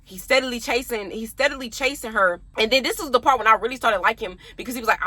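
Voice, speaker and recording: A young adult woman chatting casually to her viewers, telling an animated storytime about her past. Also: on the high side, fast talker, hardly any pauses, dry recording. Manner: animated, talks straight to viewers.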